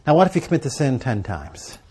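In a very animated, fast-talking manner, a middle-aged man delivers a sermon on prayer and journaling to a live audience. His medium-pitched voice has a dark tone, and he talks conversationally, telling stories and asking rhetorical questions.

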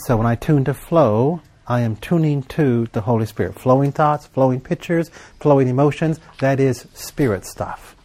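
A man's voice: medium pitch, darkish tone. Emphatic male preacher with a call-and-response style. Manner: call-and-response, prompting the congregation to fill in words; emphatic, with slow deliberate stretches. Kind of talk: sermon.

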